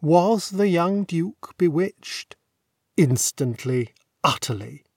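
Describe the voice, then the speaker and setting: A man reading a classic novel aloud as an audiobook narrator, with measured, wry and elegant phrasing. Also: on the high side, animated, darkish tone, husky, no room sound, studio quality.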